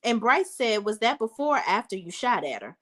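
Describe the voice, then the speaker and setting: A woman's voice: fairly high pitch, very animated, fairly quick, a bit bright. A woman in her thirties giving a chatty, casual recap of a reality TV episode, talking straight to her viewers. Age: 30s. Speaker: reality TV reviewer.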